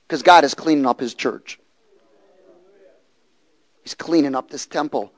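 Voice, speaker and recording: A man preaching a sermon who moves from hushed storytelling to loud, fervent bursts and repeats phrases for emphasis. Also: fairly high pitch, a little slow, long pauses. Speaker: pastor.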